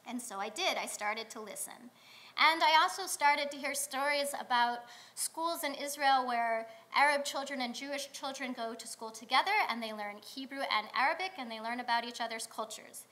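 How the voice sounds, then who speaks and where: Bright high-voiced woman giving a sermon. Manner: conversational storytelling with pauses. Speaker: rabbi. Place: synagogue sanctuary.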